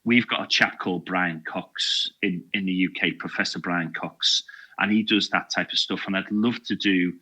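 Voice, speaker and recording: A man's voice: sits low, steady tone, moderate pace, bright, forceful tone. A man with a Liverpool accent talking as a podcast guest, enthusiastic, with frequent restarts and repeated words. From England. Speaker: podcast guest, security awareness video maker. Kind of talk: casual podcast conversation.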